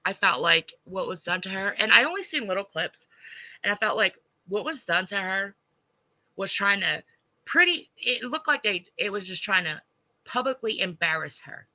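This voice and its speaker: A woman's voice: medium pitch, animated, normal speed, bright, forceful tone, no echo, low-quality recording. A woman ranting on a livestream, blunt and profane, stopping to answer chat. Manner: blunt and profane, heated, reads chat aloud. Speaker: livestreamer reacting to online drama.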